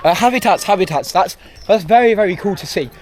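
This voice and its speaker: A man's voice: high-pitched, brisk, darkish tone, a little hiss or hum. A young man, vlogging outdoors at a theme park, ranting and rambling with frequent self-corrections. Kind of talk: walking vlog commentary. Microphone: handheld camera.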